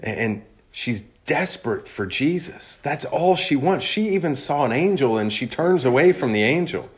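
A man preaching a sermon in an earnest, measured way, slowing down on key phrases. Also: medium pitch, animated.

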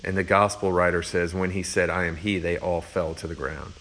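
Low-voiced, conversational male preacher. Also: flat delivery, normal speed, fairly bright tone, slight background noise. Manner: conversational, reflective, with many fillers. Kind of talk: sermon, Bible teaching.

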